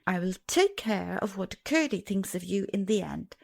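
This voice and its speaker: A wise old grandmother speaks softly and calmly, almost in a whisper, as a woman puts her on. A faint gravelly texture runs under the hush. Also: mid-range voice, normal speed. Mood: gentle. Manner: soft and hushed, close to a whisper. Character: wise, gentle old grandmother, calm and loving.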